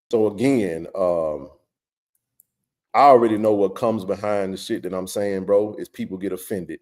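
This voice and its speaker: A man's voice: fairly low pitch, a little mellow. A middle-aged man hosting a live sports stream, talking with passionate, blunt, emphatic energy and plenty of slang.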